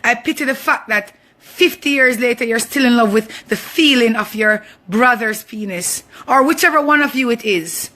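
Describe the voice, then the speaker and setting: A woman's voice: a little high, moderate pace, pushed and bright. A young woman with a Jamaican accent delivering an impassioned personal monologue, confrontational and emphatic, repeating phrases for force. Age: young adult. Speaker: vlogger.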